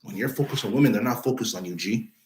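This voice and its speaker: A man's voice: fairly low pitch, fast, darkish tone, a little hiss or hum. Emphatic young man lecturing, slangy. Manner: emphatic, repetitive, slangy, keeps adding "bro". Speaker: channel host. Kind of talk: motivational straight-talk to camera.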